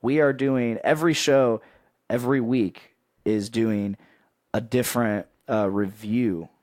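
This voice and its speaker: A young man hosting a podcast in casual chat, pitching with excitable hype and laughing often. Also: a little slow, no echo, clean studio sound. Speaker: podcast host.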